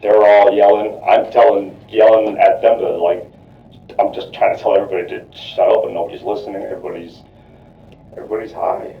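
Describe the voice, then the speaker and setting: Low-voiced man rambling in echoey room. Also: level tone, a little fast, vocal fry. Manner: rambling and repetitive, piles up "you know, like". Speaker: murder suspect under questioning. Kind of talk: rambling account in a police interrogation. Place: police interrogation room. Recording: echoey, distant, lo-fi interrogation room.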